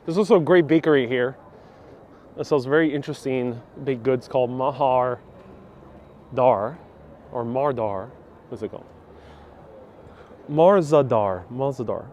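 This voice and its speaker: A man's voice: mid-range voice, unhurried, pauses often, darkish tone, slight background noise. A man hosting a live walking tour, chatting casually as he strolls outdoors on a city street with a clip-on mic. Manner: chatty, easygoing, talks while strolling and reads viewer comments. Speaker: walking-tour livestream host. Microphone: wireless clip-on mic.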